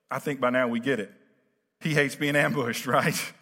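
A pastor preaching a conversational sermon, full of fillers and restarts, that builds to emphatic preaching. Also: male voice, mid-range voice, steady tone, moderate pace, sharp tone, slightly rough. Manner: rising to emphatic preaching cadence. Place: church sanctuary. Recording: reverberant church sanctuary.

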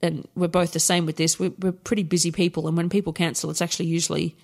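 A woman's voice: on the low side, level tone, fast talker, vocal fry, a little mellow. A woman co-hosting a podcast in casual chat, candid and sweary, telling stories with frequent laughs and acting out past conversations. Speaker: podcast co-host.

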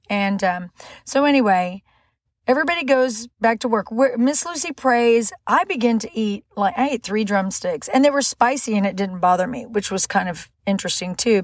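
A middle-aged woman tells a personal story in a lively way. Her voice sits fairly high, and she jumps higher still when she acts out what people said. The sound is close and dry. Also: no room sound. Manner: animated, acts out quoted lines in a higher voice. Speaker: podcast host.

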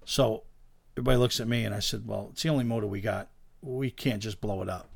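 A man, a guest telling lively stories about owning race cars in a casual chat, acting out the voices of the people in them. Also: on the low side, quick pace, gravelly, no echo. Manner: animated anecdote teller, acts out quoted dialogue. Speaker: guest, race car owner. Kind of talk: casual storytelling in a podcast chat.

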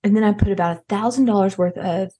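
A woman's voice: mid-range voice, quick pace, warm tone, breathy edge, lightly acted. A woman playing a dramatic, petty mom who rambles and gossips. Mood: exasperated. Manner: rambling, gossipy, full of restarts, acts out others' voices. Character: frazzled wealthy Southern mom, dramatic, petty. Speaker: show's main character. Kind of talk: comedic character monologue.

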